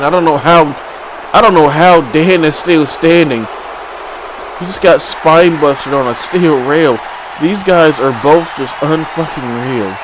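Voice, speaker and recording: Man doing wrestling play-by-play, high voice, wild swings, loud crowd and game noise behind. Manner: swings from low mutters to sudden shouts. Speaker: commentator. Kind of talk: excited wrestling play-by-play commentary.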